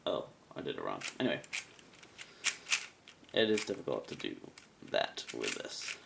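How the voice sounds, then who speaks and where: A man's voice: deep voice, big pitch swings, measured pace, creaky, pauses often, background noise. A man giving a casual product review in a rambling, chatty way with self-mocking asides. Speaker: cube reviewer.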